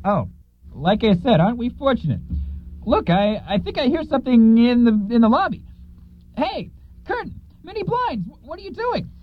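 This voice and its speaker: A man's voice: extremely high pitch, big pitch swings, moderate pace, slight background noise. A man playing a flustered, fussy male studio boss in a comedy audio play, talking in an exasperated, wheedling way. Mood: sarcastic. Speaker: studio owner. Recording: dull lo-fi recording.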